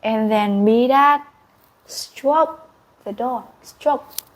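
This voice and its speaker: A young adult woman, an English teacher whose first language is Vietnamese, tells a story as an English lesson, adding sound effects and gasps. She speaks in English, extremely slowly, in a voice on the high side.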